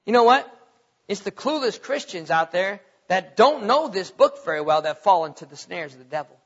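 Animated high-voiced preacher in a hall. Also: male voice, fairly quick, lo-fi sound. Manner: animated preaching, laughing at his own stories. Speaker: pastor. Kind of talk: sermon.

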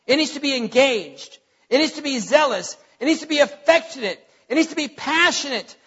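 A man's voice: extremely high pitch, animated, a little fast, a bit bright, breathy edge. A man preaching a sermon as pastor, emphatic, repeating his points, with many fillers. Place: church sanctuary. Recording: lo-fi with long hall reverb.

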